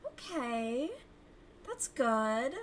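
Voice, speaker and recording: A woman's voice: a little high, big pitch swings, very slow, slight background noise. Chatty, cussing young woman streamer. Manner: profane, gossipy, laughs often. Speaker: crochet livestream host. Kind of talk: casual chat with chat readers.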